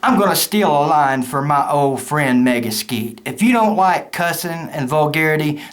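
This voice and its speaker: A man's voice: a little high, lively intonation, normal speed. A middle-aged man, an angry sports fan venting in a profane rant. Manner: angry, cussing, loud outbursts. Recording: roomy echo, faint noise.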